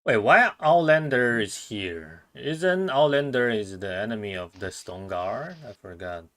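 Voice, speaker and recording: A man's voice: mid-range voice, expressive, a little slow, fairly bright tone. A man from Taiwan with a Taiwanese accent, native Mandarin speaker, playing in a tabletop game in simple broken English. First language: Mandarin Chinese. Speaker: player and streamer.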